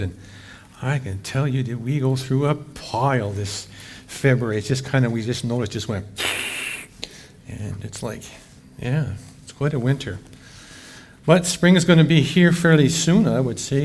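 A man's voice: medium pitch, a little mellow, a little hiss or hum. A middle-aged man giving a casual, folksy sermon as pastor, chatty and fond of saying "eh.".

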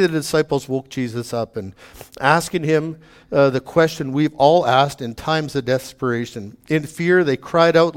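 Guy preaching a sermon, earnest, kinda high voice, lots of pleading questions. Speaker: pastor.

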